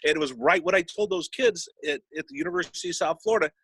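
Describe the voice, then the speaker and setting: A man who works as a sports broadcaster speaks fast in a high, husky, slightly bright voice, telling personal stories in an interview. He becomes emotional and chokes up now and then; the rough recording has no echo.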